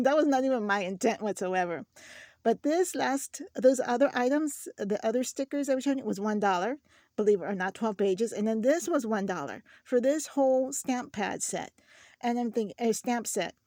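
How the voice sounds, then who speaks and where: On her craft channel, a woman chats casually through a shopping haul, telling stories and restarting her sentences often. Her voice is fairly high and brisk with a darkish tone, recorded at studio quality with no echo.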